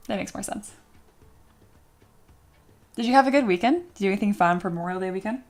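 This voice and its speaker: A woman's voice: mid-range voice, quick pace, long pauses, darkish tone, faint music behind. A woman hosting a casual livestream, chatting with her viewers, reading their comments aloud and cheering them on. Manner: upbeat and encouraging toward viewers. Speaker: livestream host and 3D sculptor.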